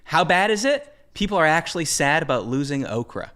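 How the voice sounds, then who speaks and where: A man hosting a podcast in casual chat, joking in a wry, deadpan way. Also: a little high, fairly quick. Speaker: podcast host.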